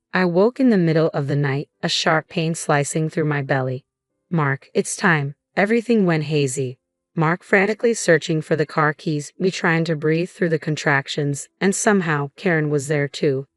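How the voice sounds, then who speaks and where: Low-voiced woman narrating a story. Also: moderate pace, dry recording, clean studio sound. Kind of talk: scripted first-person story narration.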